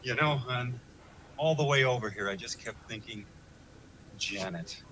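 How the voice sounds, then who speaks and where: A man's voice: medium pitch, unhurried, pushed and bright. An actor playing a cocky, smarmy ladies' man in a 1970s sitcom. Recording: noisy broadcast recording.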